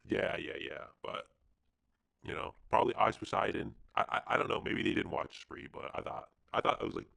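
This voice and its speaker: A man hosting a podcast, chatting casually about films in a slangy, animated way. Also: on the low side, brisk, gravelly, dry recording. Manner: slangy, animated, says dude and bro. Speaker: podcast host. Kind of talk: casual film chat.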